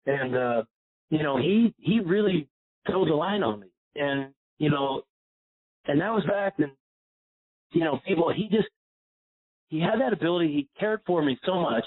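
A man's voice: fairly high pitch, moderate pace. A man from Pennsylvania, a golf instructor telling a long personal story in an interview, rambling with many fillers and getting choked up. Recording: phone-like line.

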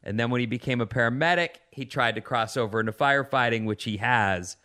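A man's voice: medium pitch, fast, clear, resonant tone. A middle-aged man co-hosting a casual podcast chat, telling stories with lots of restarts and asides. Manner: rambling, animated storyteller with many restarts. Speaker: podcast co-host.

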